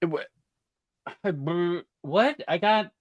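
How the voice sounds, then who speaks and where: A man co-hosting a comics show in casual chat, unhurried and hesitant, searching for words. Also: high voice, dry recording, highs cut off.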